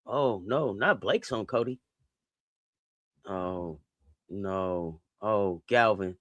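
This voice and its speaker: A woman hosting a live basketball watch-along, reacting out loud and talking straight to the players. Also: very deep voice, very slow, no room sound, dull audio. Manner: exclamatory, talks straight to the players. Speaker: sports watch-along host. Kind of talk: live game reaction commentary.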